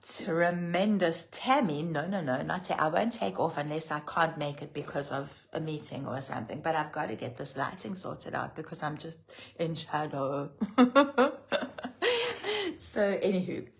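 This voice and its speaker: A middle-aged South African woman with a loud voice and a low, gravelly tone, talking straight to her webcam. She rambles in a casual livestream devotional, laughs often and picks up viewer comments as she goes. The fry in her voice is always there. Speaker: pastor and prophetic minister.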